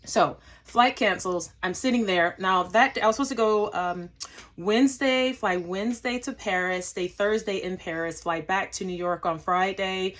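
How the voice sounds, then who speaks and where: A woman's voice: mid-range voice, normal speed, a bit bright. A young woman, a flight attendant, telling a travel story in a casual vlog, acting out her own lines and using lots of fillers.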